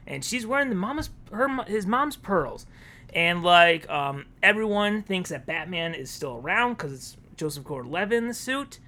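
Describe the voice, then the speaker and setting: A man chats on a podcast, retelling a story in a loose, casual way. His pitch swings widely as he jumps into the characters' lines. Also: animated, moderate pace, pushed and bright. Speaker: podcast co-host.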